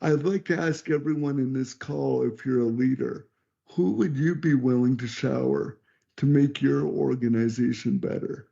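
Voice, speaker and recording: Gravelly man telling a personal story. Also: mid-range voice, moderate pace, dark tone. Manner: reflective, earnest, with restarts. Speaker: guest speaker. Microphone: video call. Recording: dull lo-fi call audio.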